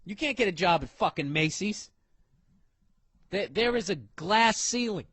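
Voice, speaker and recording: Husky, profane man doing stand-up. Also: high-pitched, lively intonation, a little slow. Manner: loud, swearing, acts out characters. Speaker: stand-up comedian.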